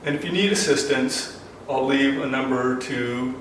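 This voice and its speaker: A man's voice: medium pitch, normal speed, a bit bright. Older male self-defense instructor, earnest and rambling, mid-range voice, heard from a distance in a very echoey space. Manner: earnest, rambling, with many ums and uhs. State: emotional, choked up. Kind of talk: casual instructional talk to camera. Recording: very echoey, distant from the mic, faint noise.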